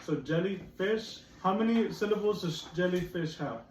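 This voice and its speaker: Low-voiced woman teaching a classroom. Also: animated, normal speed, darkish tone. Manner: repeats words in drills, coaxing. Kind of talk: classroom phonics lesson. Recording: echoey classroom from far off, faint noise.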